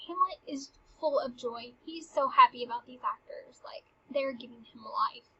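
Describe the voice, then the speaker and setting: A woman's voice: sits high, fairly bright tone, slightly rough, lo-fi sound. A woman teaching, casually walking through a play scene by scene in a chatty, eager way. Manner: chatty and eager, retells lines with "he's like".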